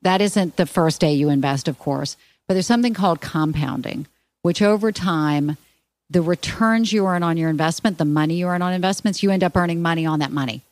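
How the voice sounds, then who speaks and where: A woman guest on a podcast, explaining money matters in an emphatic, animated, casual way. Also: on the low side, a little fast, dry recording. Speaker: podcast guest, finance expert.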